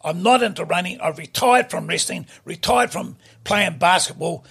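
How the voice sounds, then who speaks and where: A man in his late seventies with a New Zealand accent, a guest trading gruff, blustery jabs in a staged argument. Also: high-pitched, lively intonation, normal speed, a bit bright. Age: 70s. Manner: gruff, blustery, calls people mate.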